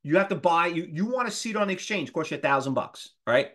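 A man in his fifties teaching a live trading class, animated and firing rhetorical questions at his students. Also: a little high, fast talker. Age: 50s. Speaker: trading instructor.

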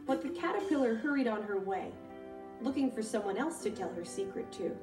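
A woman reading a children's picture book aloud in a gentle, expressive voice, drawing out the slow parts. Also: fairly high pitch. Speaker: storyteller. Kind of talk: children's storybook read-aloud. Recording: echoey room from a distance with music.

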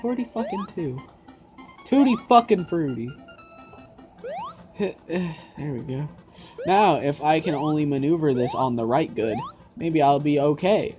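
A woman's voice: low voice, lively intonation, unhurried, long pauses, over music. A woman doing casual let's-play commentary, exasperated, swearing a lot and talking to herself as she plays. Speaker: gaming video creator.

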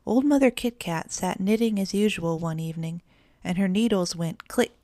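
A woman narrating a children's story in a gentle storytelling manner. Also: on the low side, moderate pace, no echo, studio quality. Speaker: audiobook narrator. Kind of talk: children's story read aloud.

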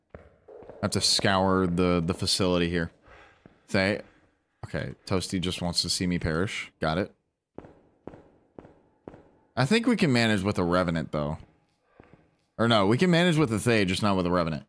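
Chatty low-voiced man gaming. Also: normal speed, long pauses. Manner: chatty, animated, talks to the ghost and teammates. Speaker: gaming streamer. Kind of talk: casual gameplay commentary.

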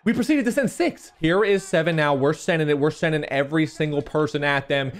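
A young man giving live commentary on his own football video game, animated and chatty with viewers. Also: fairly high pitch, a little fast. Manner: excitable, shouts and laughs at big plays, talks to viewers; animated, talks with his hands.

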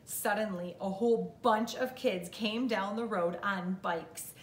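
A woman teacher reading a picture book aloud to children, telling the story slowly and expressively. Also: mid-range voice, distant mic, slight background noise. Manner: slow, expressive storytelling for kids. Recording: echoey room with faint ambience.

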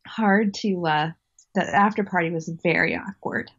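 Chatty low-voiced woman, lo-fi audio. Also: a little slow, a bit bright, breathy edge. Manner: chatty, laughs often, many fillers and restarts. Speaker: interview guest, actress. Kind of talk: casual interview storytelling.

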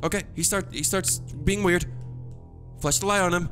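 Man, native Dutch speaker, horror game commentary, panicky, high-pitched, headset mic, game music behind. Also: normal speed, fairly bright tone. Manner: jumpy, panicky, nervous laughter. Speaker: gaming streamer.

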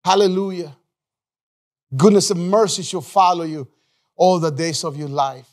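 A male pastor preaches a live sermon in a church with a high voice and fairly even intonation. He's emphatic, repeating phrases, calling on the congregation and restarting his sentences in quick bursts.

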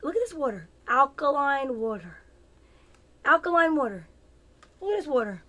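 A woman's voice: high voice, very animated, normal speed, bright, forceful tone. Rambling, joking woman in her fifties. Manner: rambling, playful, self-mocking, chats to viewers by name. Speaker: comedian hosting her own show. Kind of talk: casual comic live chat with viewers.

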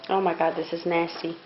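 Chatty mom on a lo-fi home video. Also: female voice, fairly low pitch. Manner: chatty and plain-spoken, coos to a baby and scolds children. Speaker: mother filming her family. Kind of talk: casual home video chat. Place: indoors at home. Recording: dull lo-fi home video with background hiss.

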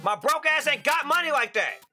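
A young man giving excitable gameplay commentary as a channel host, breaking into loud frustrated outbursts and crude jokes. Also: very high voice, a little fast, faint music behind.

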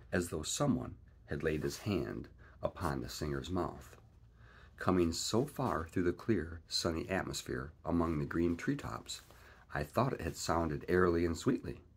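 A man reading a classic adventure novel aloud in a lively, expressive way. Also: a bass voice, creaky, slightly rough. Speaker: reader. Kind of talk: storybook read-aloud narration.

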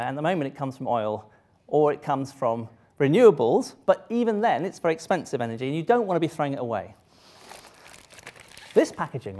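A man giving a live science lecture to an audience, lively and joking, often breaking off and restarting his sentences. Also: fairly high pitch. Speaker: public lecturer. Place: lecture hall.

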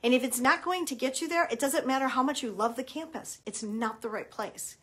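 A woman's voice: sits high, brisk, sharp tone, breathy edge. A middle-aged woman, a college admissions consultant, giving emphatic advice to parents and acting out bits of quoted dialogue.

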